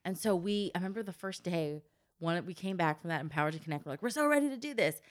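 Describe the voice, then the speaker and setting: A woman with a somewhat low voice in an easygoing conversation. She listens supportively, drops in frequent agreements, and then tells her own stories about family life. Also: expressive, fast. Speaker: parent. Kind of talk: casual chat.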